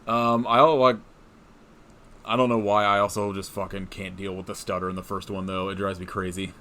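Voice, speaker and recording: A man's voice: low-pitched, flat delivery, brisk, pushed and bright. Laid-back swearing podcast man. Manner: swears freely, rambling and laughing. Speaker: podcast co-host. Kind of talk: casual chat.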